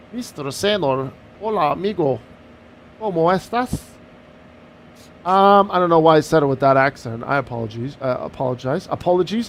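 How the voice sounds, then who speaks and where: A man streaming a flight sim, chatting casually and joking while he talks through each step of the cockpit setup. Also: a little high. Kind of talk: casual live-stream commentary.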